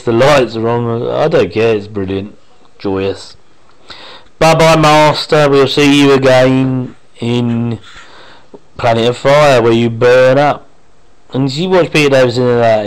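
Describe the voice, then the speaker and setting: A man's voice: mid-range voice, a little mellow, rough recording. A man giving casual watch-along commentary on an old TV episode at home, rambling and enthusiastic, often trailing off mid-sentence. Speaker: fan commentator reacting to a TV episode. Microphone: home microphone.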